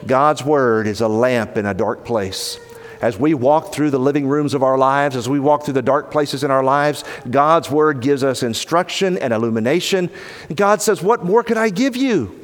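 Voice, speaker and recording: A man's voice: moderate pace, big-room sound. A man preaching a sermon in an earnest, pleading manner, his voice rising when he quotes. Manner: earnest, pleading, rises in pitch when quoting.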